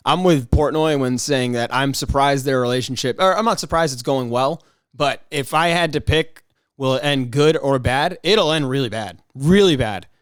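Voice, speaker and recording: A man hosting a solo podcast, rambling in a casual, excitable way with frequent restarts and mock outrage. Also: medium pitch, normal speed, smooth, dry recording, studio quality. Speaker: podcast host.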